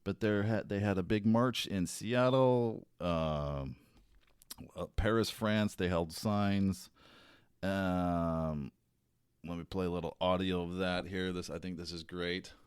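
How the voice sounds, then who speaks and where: A man hosting his own show, talking casually in a rambling, halting way with restarts. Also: low-pitched, smooth, no room sound, studio quality. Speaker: podcast host. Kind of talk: casual solo commentary.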